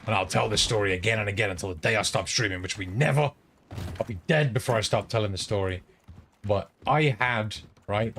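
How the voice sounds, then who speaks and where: A man's voice: medium pitch, fairly bright tone. A British man from the UK, a game streamer chatting casually and telling rambling stories full of swearing. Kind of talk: casual chat while gaming.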